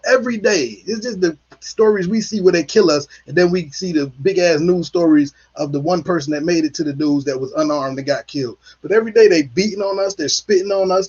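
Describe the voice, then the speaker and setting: High, husky man ranting bluntly. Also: darkish tone. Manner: angry, blunt and profane, with heavy repetition. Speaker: political commentary host. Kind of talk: heated monologue. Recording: dull lo-fi recording.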